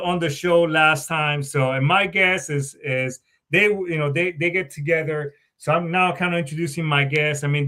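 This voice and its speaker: Ex-marine guy hosting his podcast, cusses a lot, rambles, kinda high bright voice. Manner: rambling, profane, joking. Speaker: podcast host; Marine veteran. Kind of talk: casual podcast chat.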